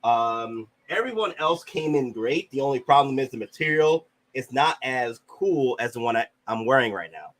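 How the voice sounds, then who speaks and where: A man hosting a casual livestream while he has a cold, talking in a mellow, halting way with many restarts. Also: medium pitch, expressive. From Houston. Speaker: livestream host.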